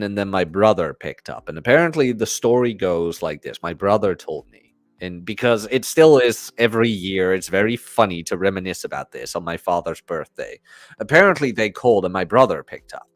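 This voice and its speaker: A man's voice: fairly low pitch, moderate pace, dry recording, soft background music. A young man hosting a podcast, casually telling a story and acting out the people in it. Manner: animated storyteller acting out quoted voices. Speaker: podcast host.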